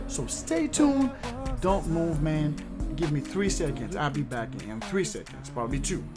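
Upbeat animated man teaching. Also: on the high side. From Haiti. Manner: upbeat, chatty, repeats words slowly. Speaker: language teacher. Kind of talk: casual video lesson.

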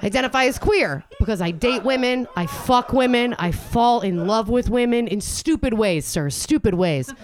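Brash, animated woman doing stand-up. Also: normal speed, hardly any pauses. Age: 30s. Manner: brash, animated, swings into high exasperated outbursts. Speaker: stand-up comedian. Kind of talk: stand-up comedy set. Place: comedy club stage before a live audience.

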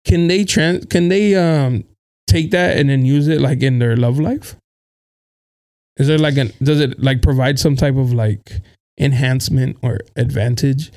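A man hosts a casual podcast, his voice smooth and clear. He gropes for words as he asks, restarting his sentences and leaning on fillers. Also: mid-range voice, darkish tone. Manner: halting, searching for words, many fillers. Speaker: podcast host. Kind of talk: casual interview chat.

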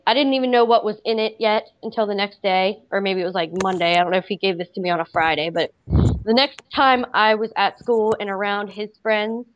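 A woman casually telling a personal story, rambling with many "like" fillers. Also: mid-range voice. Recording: slightly dull lo-fi audio.

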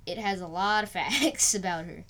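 A woman's voice: mid-range voice, normal speed, fairly bright tone. A woman co-hosting a podcast who reads out segments and sponsor lines and laughs often between them. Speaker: podcast co-host. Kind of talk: scripted podcast segments with playful banter.

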